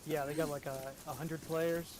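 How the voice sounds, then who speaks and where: Quiet man on noisy game voice chat. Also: flat delivery, moderate pace. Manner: quiet, low-key, brief replies. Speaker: fellow player.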